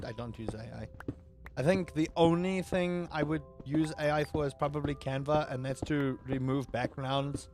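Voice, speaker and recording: A man streaming live, chatting casually and rambling as he answers his chat. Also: medium pitch. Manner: rambling, talks to chat, self-interrupting. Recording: faint music behind.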